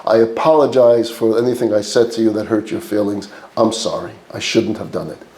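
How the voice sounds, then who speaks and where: A man's voice: lowish voice, steady tone, a little fast, darkish tone, voice pushed down, lightly acted. A man voicing an exasperated father who scolds his son, talking in a raised, incredulous way. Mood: apologetic coaching. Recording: roomy echo.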